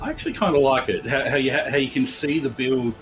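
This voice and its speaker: A man with a medium-pitched voice talks through game strategy calmly and patiently, pausing on hesitant fillers. He sounds relaxed and conversational. Faint music runs in the background. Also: rough recording. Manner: calm, explanatory, hesitant fillers. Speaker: co-host player. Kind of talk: casual gameplay chat.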